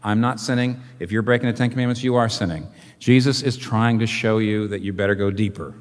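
A man preaching a sermon as a pastor, asking rhetorical questions and swinging between loud and quiet. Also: quick pace. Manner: animated preaching, rhetorical questions, wide swings in pitch and volume. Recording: long hall reverb.

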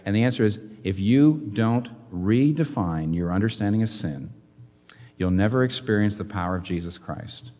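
A man preaching a sermon as a pastor, asking rhetorical questions and swinging between loud and quiet. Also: normal speed. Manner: animated preaching, rhetorical questions, wide swings in pitch and volume. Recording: long hall reverb.

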